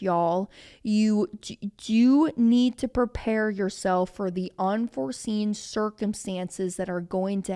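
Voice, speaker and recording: A woman's voice: medium pitch, darkish tone, clear, resonant tone. Insurance advisor lady chatting to camera, emphatic, keeps saying y'all. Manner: emphatic, addresses listeners as y'all. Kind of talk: casual talk to camera.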